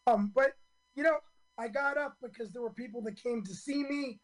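Hoarse man in his fifties, rambling. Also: extremely high pitch, moderate pace, low-quality recording. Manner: earnest and rambling, many ums and restarts. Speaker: stand-up comedian guest. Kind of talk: radio interview storytelling.

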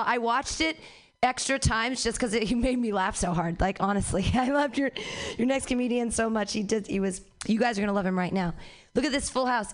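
A woman hosting a comedy festival show who rambles through gushing introductions of the comedians. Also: a little high. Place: comedy club.

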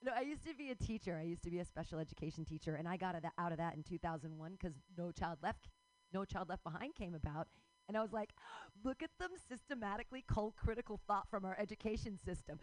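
A middle-aged woman performing a rambling stand-up comedy set, excitable and swearing freely. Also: mid-range voice, quick pace, poor audio.

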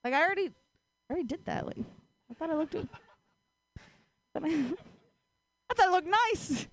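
Casting note: high-pitched woman comic, chatty and self-mocking, dry close sound. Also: lively intonation, a little slow, no room sound. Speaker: stand-up comedian. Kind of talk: stand-up set. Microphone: handheld stage mic.

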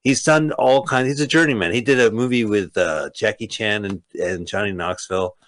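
A man's voice: fairly low pitch, steady tone, normal speed, fairly bright tone. A man co-hosting a radio show who rambles casually and wryly through movie trivia. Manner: rambling, wry, trivia-minded. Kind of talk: casual movie commentary chat.

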